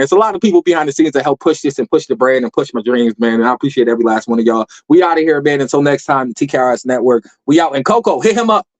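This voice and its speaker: A man hosting a podcast, signing off in a hyped, slangy way and reeling off shout-outs. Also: a little high, poor audio. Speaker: podcast host. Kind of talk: casual podcast sign-off.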